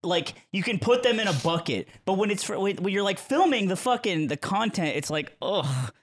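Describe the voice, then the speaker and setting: A young man co-hosting a podcast, talking emphatically and haltingly with many fillers. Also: high-pitched, lively intonation. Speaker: podcast co-host. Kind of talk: casual chat.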